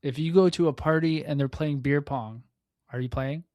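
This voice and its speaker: A man's voice: a little high, moderate pace, darkish tone, no room sound. A man hosting a podcast interview, asking questions in a teasing, playful way. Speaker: podcast host. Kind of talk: casual interview.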